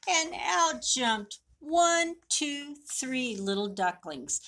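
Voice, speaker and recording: A woman reading a picture book aloud to children at a library storytime, slow and expressive. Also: sits high, a little hiss or hum.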